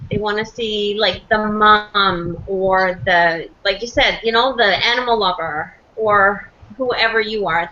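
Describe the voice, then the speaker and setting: A woman with a bright, forceful voice talks on a group call, rambling between thoughts. She leans on "you know" and "like" as she goes. The call audio is dull, with a faint hiss. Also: mid-range voice. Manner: chatty, rambling, many fillers.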